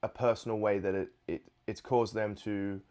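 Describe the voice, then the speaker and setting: A man, a guitarist, chatting casually to camera in a relaxed, rambling way with many fillers. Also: lowish voice, normal speed, clear, resonant tone. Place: Nashville. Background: guitar playing.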